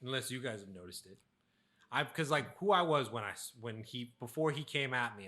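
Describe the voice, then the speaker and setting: A young man with a bright, forceful voice chats casually as a podcast co-host. He tells stories about his past, acts out his old self and laughs often. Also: mid-range voice, animated, fairly quick. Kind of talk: casual chat.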